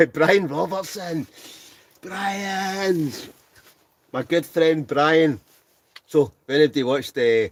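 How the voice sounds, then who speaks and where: A Scottish man in his forties hosting a casual livestream, reading out viewers' comments, laughing often and mumbling a bit. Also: fairly low pitch. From Scotland. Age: 40s. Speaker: livestream host. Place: inside a tent.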